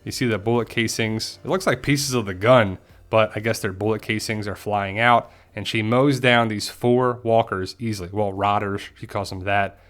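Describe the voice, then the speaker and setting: Over soft background music, this male TV commentator speaks in a lowish voice at a moderate pace, barely pausing. His episode recap and theorizing are casual and animated, and he slips into the characters' voices to act out their quotes.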